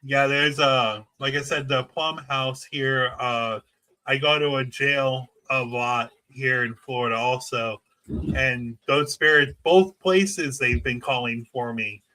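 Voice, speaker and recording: A man with a bright, forceful voice, talking casually as a paranormal investigator. He is eager and chatty and leans on filler words. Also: mid-range voice, slow pace. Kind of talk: casual conversation.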